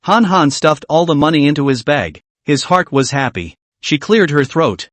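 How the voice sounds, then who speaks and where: A man's voice: a little high, moderate pace, hardly any pauses, no echo. A man narrating a scripted comic story recap, reading every character's lines in his own voice. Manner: reads all dialogue in one lively voice.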